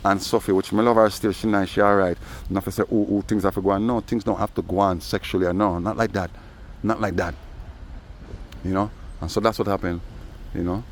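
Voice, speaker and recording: A man, rambling through a casual vlog monologue outdoors and tossing in "you know" every few phrases. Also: lowish voice. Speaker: vlogger. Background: faint traffic noise.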